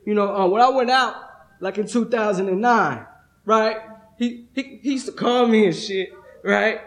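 A young man with a high-sitting voice speaks at normal speed during a recovery convention workshop held in a convention room. Streetwise and profane, he gives a testimony-style talk and tags nearly every thought with "right?"

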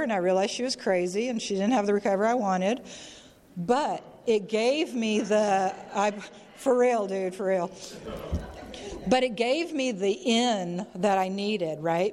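A woman's voice: mid-range voice, a little mellow. A middle-aged woman speaking candidly at a recovery meeting, emotional and frank, swearing freely and often asking "you know?". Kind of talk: candid personal share, casual and profane. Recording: long hall reverb.

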